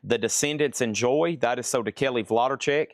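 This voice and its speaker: A man runs a live-stream record auction, moving quickly from item to item with wry jokes mixed in. His voice sits at an ordinary middle pitch, and the recording is dry and close with little room sound. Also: no room sound. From Tennessee. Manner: brisk item-by-item patter with wry asides. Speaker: live record sale host.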